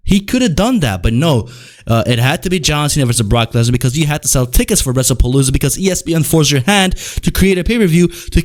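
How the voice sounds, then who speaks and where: A young man hosting his own wrestling commentary, ranting casually with exasperation and lots of slang. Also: on the high side. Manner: exasperated, slangy, repeats "bro".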